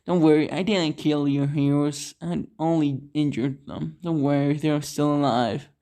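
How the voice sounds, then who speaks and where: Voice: mid-range voice, steady tone, a little slow, dark tone, close to an everyday voice. A storyteller voicing a sly male monster worm in human guise, making offhand, sheepish excuses, in an improvised fan story.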